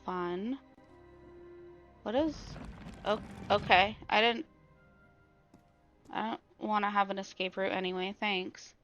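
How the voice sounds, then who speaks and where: A woman's voice: mid-range voice, takes it slowly, pauses often, lo-fi sound, faint music behind. A woman streaming a horror game, swearing freely and jumpy at scares. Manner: profane, jumpy and excitable. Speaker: live streamer. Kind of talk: casual gameplay commentary.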